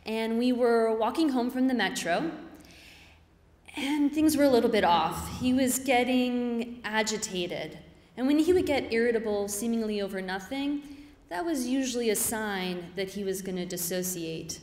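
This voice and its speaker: A woman's voice: on the high side, normal speed, a little mellow. A woman giving an earnest, reflective personal story on stage before a live audience. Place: stage in a hall. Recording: reverberant hall.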